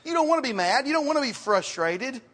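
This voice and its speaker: A man preaching a sermon as pastor, in a conversational style, repeating words and dropping to quiet asides. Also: very high-pitched, sing-song, quick pace. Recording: reverberant hall, sometimes off mic.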